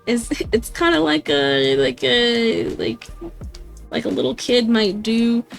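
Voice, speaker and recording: A young woman chatting casually on a livestream, giggling often, swearing offhand and mimicking others in high squeaky voices. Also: very animated, takes it slowly, gravelly, faint music behind. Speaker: streamer.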